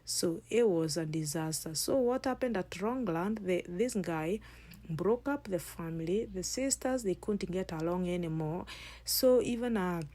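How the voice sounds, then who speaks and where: A woman's voice: on the low side, expressive, unhurried, dark tone. A woman vlogger chatting casually to her viewers as she retells a family story while cooking, rambling and restarting as she goes.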